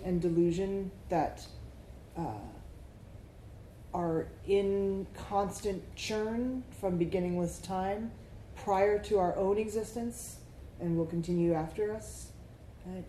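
Woman meditation teacher, slow easy dharma talk, mellow low voice, keeps asking "right?", echoey room. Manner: slow, reflective, often asks "right?". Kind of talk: dharma talk with group discussion. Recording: echoey room, faint background noise.

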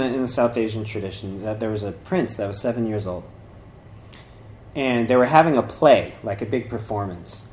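In a casual dharma talk, a man with a medium-pitched, somewhat mellow voice wanders along with frequent fillers and restarts. When telling stories, he slips into acting out the different voices.

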